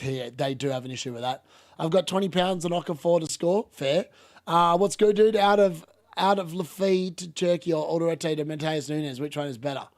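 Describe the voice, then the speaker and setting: A man hosting a live football watchalong, chatting casually and reacting excitedly to the game. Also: a little high. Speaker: watchalong host.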